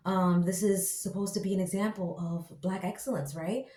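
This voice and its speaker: A woman reviewing a TV show in casual commentary, ranting in an exasperated, slangy and animated way. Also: medium pitch, moderate pace. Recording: echoey room.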